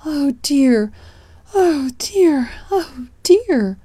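A woman's voice: very animated, slow, mellow, no room sound, exaggerated voice. A woman doing a wailing, weepy aunt fish. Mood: distraught. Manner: high, wailing and crying. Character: tearful, fretful old aunt fish.

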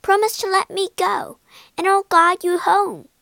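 A woman voicing a clever, stubborn young fisher girl in a storybook reading, high and defiant. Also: level tone, measured pace, vocal fry, pushed and bright, dry recording, studio quality, heavily acted. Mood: bold.

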